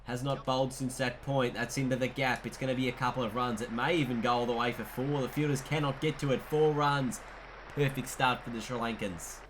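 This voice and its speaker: A man with an Australian accent commentating a cricket video game as he plays, mixing play-by-play calls with excitable asides. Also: medium pitch, fairly quick, noisy background. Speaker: gaming commentator.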